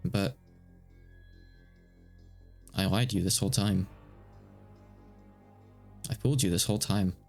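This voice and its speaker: A man voicing a desperate male detective who has killed people, speaking in a halting, stammering way while translating a game live. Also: low-pitched, gravelly, a little mellow, faint music behind. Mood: despairing.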